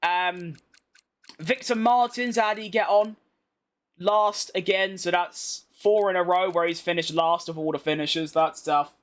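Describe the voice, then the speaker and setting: This young British gaming YouTuber has a high, steady, slightly bright voice and talks a little slowly. He chats casually over racing game footage, reading comments and bluntly answering them with slangy banter.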